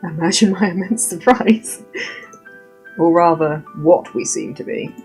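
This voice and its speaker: A woman's voice: lowish voice, sing-song, measured pace, vocal fry, darkish tone, soft background music. A woman reading a story game aloud as narrator, with wry, playful asides of her own.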